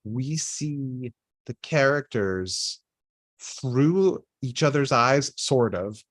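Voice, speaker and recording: A man's voice: mid-range voice, animated, very slow, dry recording. A man co-hosting a casual show recap, rambling with many fillers and restarts and laughing often. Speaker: podcast co-host.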